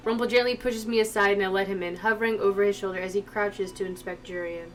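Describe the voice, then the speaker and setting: A woman's voice: mid-range voice, steady tone, fast talker, few pauses, a little hiss or hum. Emotional woman streamer reading a game. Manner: emotional, chatty asides to viewers. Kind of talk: reading a visual novel aloud with reactions. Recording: distant mic with background music.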